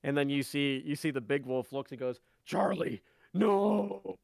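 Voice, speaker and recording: A man runs a tabletop game, narrating in a loose, chatty way full of fillers and quick laughs. His voice sits at an ordinary middle pitch. It sounds dry and close, with no room around it. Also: little pitch movement, clean tone, no echo. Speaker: game master.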